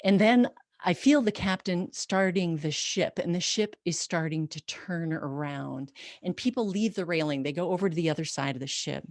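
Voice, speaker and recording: A woman telling a personal story in an expressive, conversational way. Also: lowish voice, moderate pace, dry recording, studio quality.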